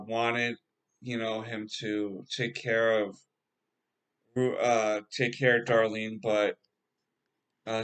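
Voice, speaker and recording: A man casually recapping a TV episode as a reviewer, halting and rambling with frequent filler words and a laid-back, slangy way of talking. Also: lowish voice, a bit bright. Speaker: TV show reviewer.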